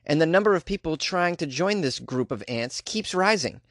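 A man hosting a comedic weird-news podcast, reading stories with animated jokey asides. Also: fairly high pitch, normal speed, no echo, clean studio sound. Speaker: podcast host.

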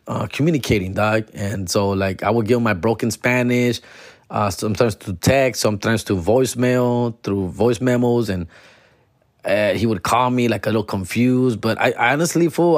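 A man in his forties telling a story in casual chat, slangy and profane, slipping into Spanish and doing animated impressions of people. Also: lowish voice, no room sound, clean studio sound. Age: 40s.

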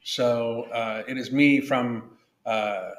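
A man's voice: medium pitch, fairly even intonation, takes it slowly, roomy sound. A man hosting a casual podcast, blunt and profane, rambling with frequent restarts. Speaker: podcast host.

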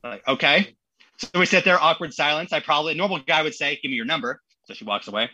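Bright, husky-voiced man telling stories. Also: fairly high pitch, fast, dry recording, dull audio. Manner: animated, acts out quotes in voices. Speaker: podcast guest. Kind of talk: casual storytelling.

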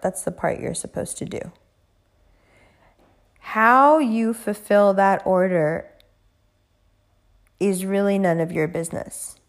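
A woman giving a casual motivational talk, telling an animated story and swearing casually. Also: fairly low pitch. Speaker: motivational speaker.

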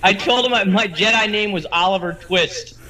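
A man on a casual podcast, dropping deadpan quips. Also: sits high, moderate pace, rough recording. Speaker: podcast guest. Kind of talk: casual chat.

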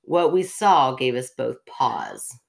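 A woman with a low voice reads a story aloud on a podcast. She keeps breaking off into chatty, self-interrupting asides and laughs at herself. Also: big pitch swings, takes it slowly, vocal fry. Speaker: podcast host reading a story.

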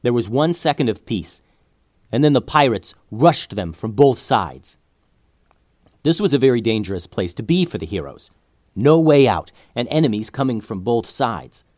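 A man's voice: mid-range voice, a little mellow, no room sound, studio quality. A man narrating an adventure story aloud, building tension through the action scenes.

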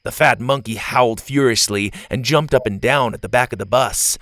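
A man narrating a children's adventure story in an expressive reading voice. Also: mid-range voice, normal speed, dry recording, clean studio sound.

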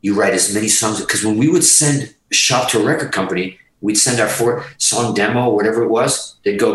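A man's voice: lowish voice, fairly quick, hardly any pauses, fairly bright tone, far from the mic. Profane, emphatic man in a roomy space. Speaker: podcast guest. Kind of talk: casual storytelling. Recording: roomy, from off the mic.

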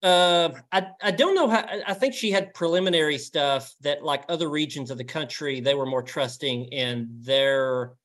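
A man's voice: on the high side, normal speed, hardly any pauses, fairly bright tone. A man with a Southern US accent, a reporter talking as a guest in a casual interview, with a lot of restarts and fillers. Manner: stammering, lots of restarts and fillers.

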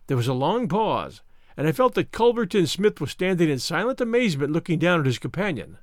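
A man reading a story aloud in a measured storytelling manner. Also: on the high side, big pitch swings, dry recording, studio quality. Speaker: narrator. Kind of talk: scripted story narration.

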